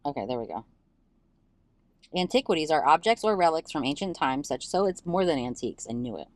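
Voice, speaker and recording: Brief: low-pitched woman, casual co-host, rapid chatty delivery, dry close sound. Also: expressive, no room sound. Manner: chatty, swears freely, lots of "like". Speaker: podcast co-host. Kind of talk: casual chat. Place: parked car.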